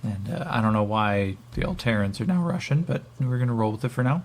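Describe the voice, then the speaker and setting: A man with a gravelly voice narrating as game master, rambling with many fillers. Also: lowish voice, lively intonation, a little fast.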